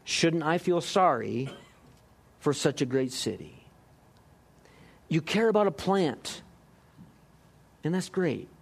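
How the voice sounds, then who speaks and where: A man preaching a sermon, lively, acting out voices and joking with the congregation. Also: on the high side, takes it slowly, gravelly, pauses often, slightly rough. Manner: lively, acts out quotes, jokes with the congregation. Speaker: pastor.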